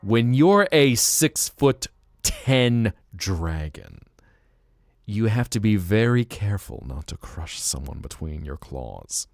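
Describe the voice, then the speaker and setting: A man's voice: on the low side, sing-song, slow, creaky, no echo, clean studio sound. A man streaming live, chatting casually and playfully teasing his viewers as he reacts to chat. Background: faint guitar music.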